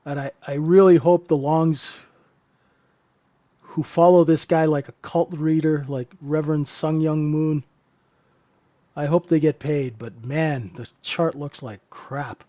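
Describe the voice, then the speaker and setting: A man's voice: fairly high pitch, steady tone, measured pace, dark tone, muffled recording. A man hosting a live trading room, giving casual, joking market commentary and answering viewers by name. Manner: chatty, joking, talks to chat viewers by name.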